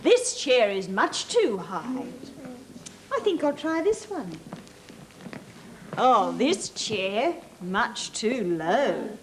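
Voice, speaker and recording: Woman doing a fussy storybook little girl, bright and bouncy, hissy tape. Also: fairly high pitch, very animated, extremely slow, heavily acted. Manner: fussy, exclamatory. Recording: hissy old 1980s TV tape.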